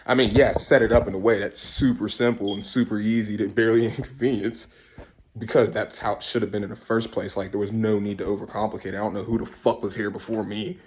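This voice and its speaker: A man rambling in a casual comic monologue, swearing and arguing with himself in quick back-and-forth. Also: lowish voice, little pitch movement. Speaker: vlogger.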